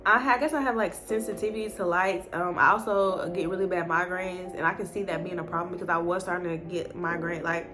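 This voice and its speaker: A woman's voice: on the low side, steady tone, brisk, hardly any pauses, over music. A woman chatting casually as a nursing student vlogger, full of "like" and "um". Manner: chatty, leans heavily on "like" and "um". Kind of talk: casual chat.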